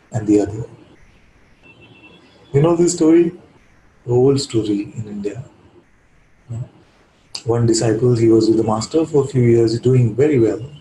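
Calm male spiritual teacher, mellow voice. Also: medium pitch, a little hiss or hum. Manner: calm, reflective, keeps asking "you see?". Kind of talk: satsang talk with a parable. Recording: echoey room.

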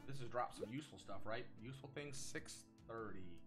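A man giving casual, excitable commentary while playing a game at home, exclaiming often and talking to himself. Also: mid-range voice, fairly quick. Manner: excitable, frequent exclamations, self-talk. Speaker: gaming channel host. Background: game music.

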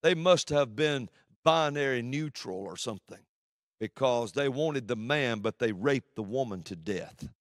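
A man preaching a sermon from the pulpit, swinging between loud declarations and hushed, low passages. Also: expressive, measured pace, dry recording, clean studio sound.

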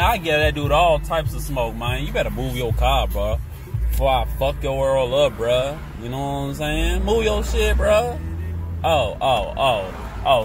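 A man driving home from work, trash-talking passersby in profane, joking commentary from inside his vehicle. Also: on the high side. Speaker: vlogger. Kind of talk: casual comedic commentary while driving.

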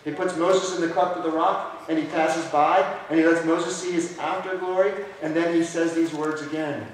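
Pastor preaching in an echoey church. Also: male voice, fairly high pitch, steady tone, normal speed, hardly any pauses, a little hiss or hum. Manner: conversational preaching, asks the congregation questions. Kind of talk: sermon. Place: church sanctuary. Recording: echoey church room, voice from a distance.

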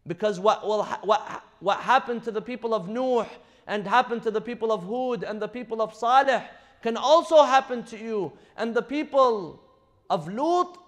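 A man's voice: very high voice, normal speed. A man giving a Ramadan night sermon, telling a prophet's story and reciting verses between his retellings. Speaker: imam. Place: mosque or Islamic center.

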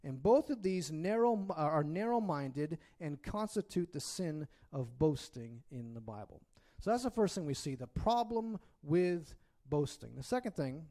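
Fairly high-pitched and mellow, a man gives a sermon in church. He preaches conversationally and with expression, pausing to check in with his listeners often.

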